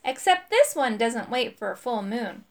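A woman's voice: fairly high pitch, big pitch swings, normal speed. A woman voicing a small, blunt male hopping creature in a storybook, who bellows his lines. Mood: bellowing. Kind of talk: storybook character voice.

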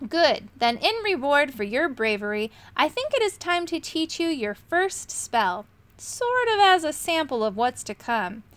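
A woman's voice: high voice, sing-song, unhurried, a bit bright, pitched above the performer's own voice, exaggerated voice. Woman playing an earnest would-be magician. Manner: earnest, firm. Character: kindly bumbling male would-be magician.

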